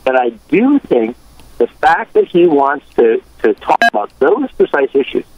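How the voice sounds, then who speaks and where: A man's voice: medium pitch, very animated, measured pace, phone-quality sound. Earnest male political correspondent. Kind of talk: political analysis.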